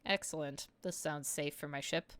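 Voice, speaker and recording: A woman's voice: low-pitched, normal speed, fairly bright tone, smooth, no echo. A woman voicing a haughty female starship captain who gives grand, proclamatory lines from a game. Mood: lofty.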